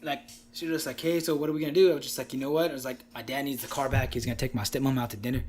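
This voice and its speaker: A man's voice: medium pitch, very fast, slight background noise. A young man co-hosting a podcast, telling a story in casual chat, acting out the quotes and laughing often. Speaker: podcast co-host.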